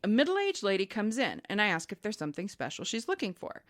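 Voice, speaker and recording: A woman's voice: medium pitch, fast. A woman co-hosting a casual chat podcast, reading a listener email and acting out the people in it. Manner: animated, acts out quoted voices. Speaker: podcast co-host.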